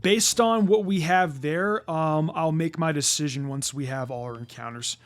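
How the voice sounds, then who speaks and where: A man's voice: on the high side, normal speed. A man doing let's play commentary as a channel host, stammering and repeating words, and swearing when annoyed.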